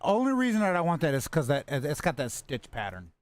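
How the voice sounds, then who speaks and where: A man's voice: a little high, wildly swooping pitch, quick pace, no room sound. Joking, swearing male gaming streamer. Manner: joking, swears often, talks to chat. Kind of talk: casual gaming stream chat.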